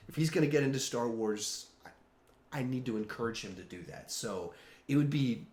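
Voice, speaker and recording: A man in his thirties hosting a casual live-stream chat, animated, with trailing restarts and fillers. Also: medium pitch, normal speed, reverberant. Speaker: host.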